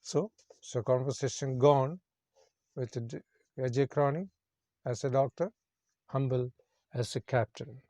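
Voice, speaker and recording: A man's voice: medium pitch, measured pace, long pauses, dark tone, no echo. A man teaching English, reading a story passage aloud and then explaining its words in simple phrasing, repeating each meaning.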